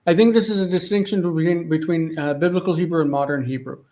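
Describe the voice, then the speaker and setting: A man's voice: a little high, fast talker, mellow, poor audio. A man teaching an online class, thinking aloud as he checks references partway through sentences. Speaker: Hebrew teacher. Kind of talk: live online class, working through texts. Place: home studio with one light.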